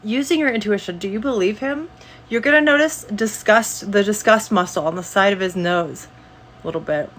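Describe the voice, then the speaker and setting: A woman's voice: mid-range voice, moderate pace, a bit bright, a little hiss or hum. A woman giving casual commentary on a video clip, explaining body language and laughing often as she goes.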